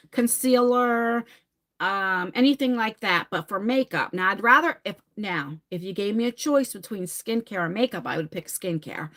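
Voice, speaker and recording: A woman's voice: a little high, a bit bright. Chatty laughing woman vlogger. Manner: chatty and candid, laughing, bursts of fast talk. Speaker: vlogger answering viewer questions. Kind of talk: casual chat.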